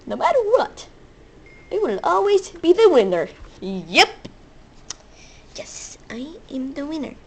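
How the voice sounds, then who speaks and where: A woman giving excitable, hyper commentary over her own gameplay, squealing and playful. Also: sits high. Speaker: gaming video host.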